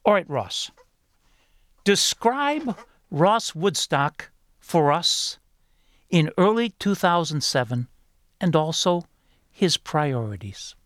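A man hosting a radio talk show, measured and spelling out details slowly. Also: on the high side, big pitch swings, a bit bright, no room sound, studio quality.

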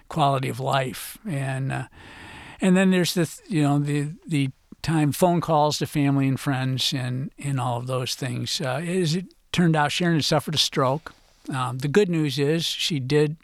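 An older man answering radio interview questions as an author and guest, halting and hesitant, often trailing off quietly. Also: mid-range voice, no room sound, clean studio sound.

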